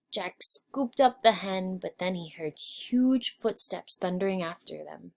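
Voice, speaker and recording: Slow, expressive woman reading aloud. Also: creaky. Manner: expressive, varies pitch and volume with the story. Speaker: storyteller. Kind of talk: children's read-aloud narration.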